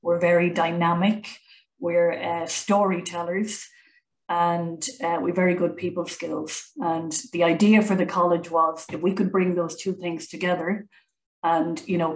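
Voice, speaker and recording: A woman's voice: on the low side, echoey room, rough recording. A woman, a college founder chatting as an interview guest, talkative with many fillers and restarts. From Ireland. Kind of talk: conversational interview.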